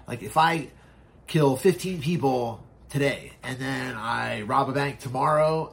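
A man's voice: mid-range voice, fairly bright tone. A man telling a personal story in a casual, candid way, often swearing and acting out what others said. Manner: candid, profane, acts out quoted voices. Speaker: podcast guest.

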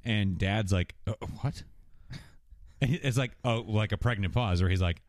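A man's voice: fairly low pitch, moderate pace, no echo, clean studio sound. A man casually recapping a TV episode, acting out the characters' lines as he goes. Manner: animated storytelling, acting out characters' lines with swearing and laughter. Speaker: podcast co-host recapping a TV episode. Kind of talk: casual chat.

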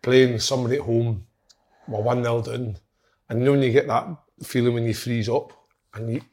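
A man's voice: mid-range voice, little pitch movement, moderate pace, darkish tone. A man, a former footballer, telling dry, sweary anecdotes in casual chat.

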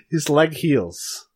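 A man running a tabletop game, narrating the scene in a loose, casual way. He hesitates often and fills pauses with ums and likes while he makes things up. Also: fairly high pitch, husky. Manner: hesitant, full of fillers. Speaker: game master.

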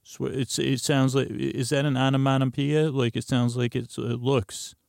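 A man's voice: mid-range voice, level tone, moderate pace, darkish tone, no room sound, clean studio sound. A man hosting a sleep podcast, talking in a meandering, self-correcting ramble full of fillers and drifting asides. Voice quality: creaky, gravelly. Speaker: podcast host. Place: closet. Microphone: close studio mic.

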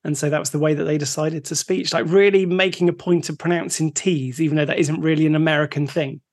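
A man from Britain co-hosting a podcast, telling things in a relaxed way and laughing often. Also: on the high side, fast talker, dry recording, clean studio sound. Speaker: podcast co-host. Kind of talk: casual chat.

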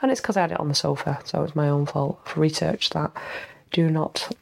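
A woman's voice: low-pitched, fairly quick, gravelly. A young woman hosting a casual solo podcast, rambling and self-mocking, a little stuffed up with a cold and tired. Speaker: podcast host.

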